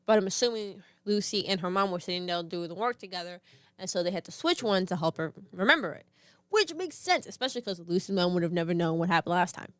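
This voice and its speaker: A young woman co-hosting a casual podcast, telling a family story with animated, high-pitched quoted voices and frequent laughter. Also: fast talker, no room sound, clean studio sound. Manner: laughs often. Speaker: podcast co-host.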